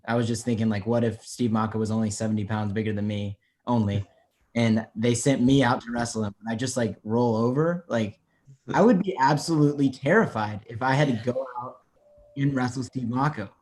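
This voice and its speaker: A man's voice: fairly low pitch, steady tone, moderate pace, darkish tone. A young man co-hosting a casual podcast, talking earnestly and eagerly about a favorite athlete. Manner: earnest, enthusiastic fan. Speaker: podcast co-host. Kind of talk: casual chat.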